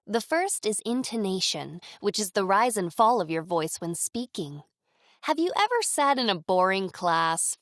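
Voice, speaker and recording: A woman's voice: medium pitch, dry recording. Woman teaching voice work in a dry studio. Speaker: voice acting instructor. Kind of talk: instructional narration.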